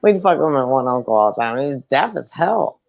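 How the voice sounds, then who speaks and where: A speaker in a casual chat with a lively, swooping pitch, who swears freely and laughs easily. The voice comes through a dull, lo-fi line. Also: brisk, vocal fry.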